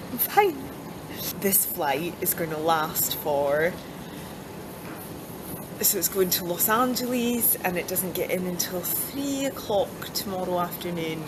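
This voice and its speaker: A woman's voice: on the low side, background noise. A Scottish woman, an endurance cyclist, speaking in a candid, chatty video diary and reflective narration, sometimes dropping to a whisper and laughing often. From Scotland.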